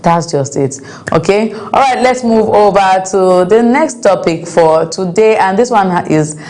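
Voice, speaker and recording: A woman's voice: medium pitch, animated, a little slow, a little mellow. A woman hosting a casual commentary on news and viewer comments, emphatic and repeating her points.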